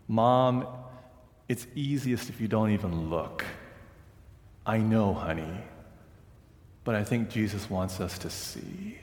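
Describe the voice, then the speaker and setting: A man's voice: fairly low pitch, expressive, takes it slowly, long pauses, a little mellow. A middle-aged male pastor preaching a sermon in a conversational, storytelling way, often checking in with the congregation. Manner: conversational storytelling, frequent "right?" and asides. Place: large church sanctuary. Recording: long church reverb.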